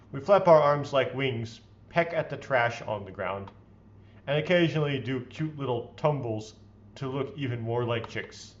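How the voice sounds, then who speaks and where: A man's voice: mid-range voice, muffled recording. A man hosting a let's play, reading visual novel text aloud in a playfully theatrical way and adding his own comments.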